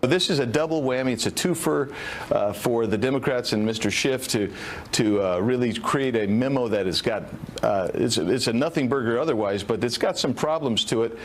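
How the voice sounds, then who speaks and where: A man talks politics in a mid-range voice, halting and repeating himself. Faint ambience sits under the recording. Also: mid-range voice, slight background noise.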